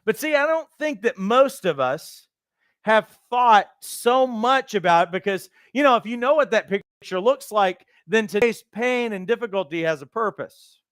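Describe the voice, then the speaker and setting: A man teaches would-be coaches in an animated motivational talk, slipping into the voices he quotes. His voice sits high and comes across smooth and resonant. The sound is dry and close, with no room in it. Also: normal speed, no echo. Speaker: life coach trainer.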